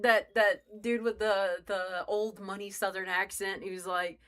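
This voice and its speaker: Young woman game streamer, bright and forceful tone, loose rambling chatter, cusses freely, talks straight to chat. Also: mid-range voice, level tone, measured pace, few pauses. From United States. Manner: rambling, joking, swears freely, chats with viewers. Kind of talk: casual live-stream chat while playing.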